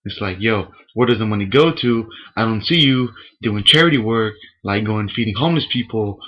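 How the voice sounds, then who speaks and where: A man's voice: fairly low pitch, expressive, moderate pace, muffled recording. A young man in a casual, rambling and profane webcam rant from a room at home. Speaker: vlogger. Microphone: webcam microphone.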